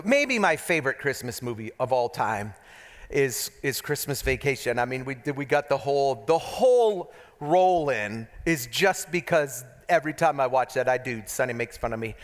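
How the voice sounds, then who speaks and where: A man preaching a humorous sermon as pastor, telling stories with jokes and asides to the crowd. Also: medium pitch. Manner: joking, storytelling, talks to the crowd with asides. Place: church hall. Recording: long church hall echo.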